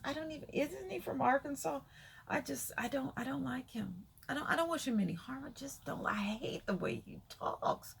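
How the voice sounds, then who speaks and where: Middle-aged woman vlogging, rambly, kinda gravelly and husky, slips into whispers now and then. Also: a little high, lively intonation, normal speed, a bit bright. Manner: rambling, drifts into whispers, loses her thread. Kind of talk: casual rambling monologue to viewers.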